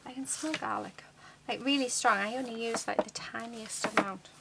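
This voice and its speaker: A woman's voice: a little high, moderate pace, creaky. Chatty woman crafting. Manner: chatty, rambling, many fillers. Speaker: crafting channel host. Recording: noisy with crafting clicks.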